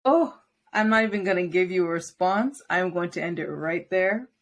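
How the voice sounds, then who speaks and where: A woman's voice: fairly low pitch, normal speed. Upbeat young woman hosting a podcast. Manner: upbeat and encouraging. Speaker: podcast host. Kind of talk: podcast interview.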